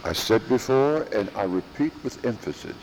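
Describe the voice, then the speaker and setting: A man preaching a sermon in a church, slow and emphatic, repeating phrases for stress. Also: lowish voice, expressive, darkish tone, long reverb tail, slight background noise, low-quality recording.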